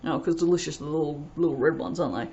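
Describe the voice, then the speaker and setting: Woman, chatty unboxing host, lowish voice, dull home recording. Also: quick pace, mellow. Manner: chatty, rambling, reads product blurbs aloud. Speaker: soap maker reviewing fragrances. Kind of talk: casual unboxing chat.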